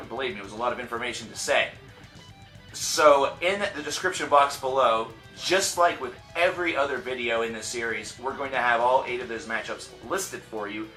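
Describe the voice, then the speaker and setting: A man hosts his own channel in a chatty, upbeat way, tossing in quick asides. His voice is bright and forceful, and the room around him rings with echo. Faint guitar music plays underneath. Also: medium pitch. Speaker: channel host. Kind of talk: casual vlog presentation.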